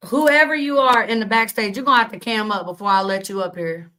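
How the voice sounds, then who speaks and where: On a low-quality recording, a young adult livestream host fires off a heated, cuss-filled rant at her stream chat, blunt and indignant, reading chat aloud and pressing indignant questions. Her mid-range voice moves fairly quickly with a sharp tone.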